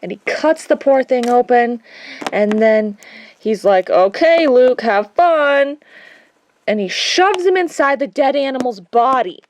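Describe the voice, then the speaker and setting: A woman's voice: on the high side, animated, a little slow, a little mellow, slight background noise. A woman casually recapping a movie with toy figures, chatty and rambling, full of jokey asides. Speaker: vlogger.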